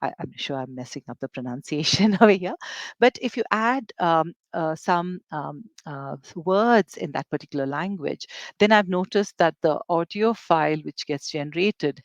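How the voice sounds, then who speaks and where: An eLearning presenter giving a software demo webinar, talking in a hesitant way with many fillers and restarts. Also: medium pitch, expressive, normal speed, no echo.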